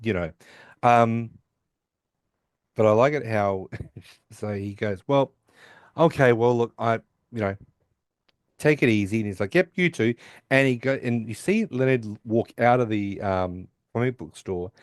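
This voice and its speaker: A man in casual podcast chat, retelling a sitcom episode in a rambling way and quoting each character's lines with lots of restarts. His voice sits at an ordinary pitch and sounds dry and close, with no room around it. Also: unhurried, pauses often, clear, resonant tone, no room sound. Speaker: podcast co-host recapping an episode.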